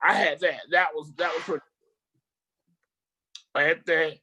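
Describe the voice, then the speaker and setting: A speaker on a video call, telling a rambling, animated story in casual chat, with slang and swearing. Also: medium pitch, a little slow, breathy edge.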